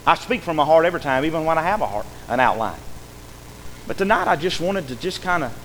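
A male pastor preaches in a folksy, animated way, his fairly high voice ringing through a church with a long reverb. Faint noise sits under the recording. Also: fast talker. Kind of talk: sermon. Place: church sanctuary.

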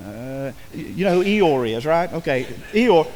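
A man preaching a sermon in a church, animated and conversational, with quick asides and acted-out quotes. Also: on the high side. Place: church sanctuary. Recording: long hall reverb.

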